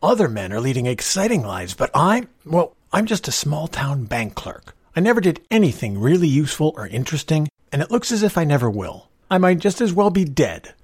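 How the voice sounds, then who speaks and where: A man's voice: mid-range voice, big pitch swings, normal speed, breathy edge, dry recording, clean studio sound, voice pushed up. A man voicing a young, despairing male bank clerk who speaks sullenly and bitterly. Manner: sullen, resentful outbursts.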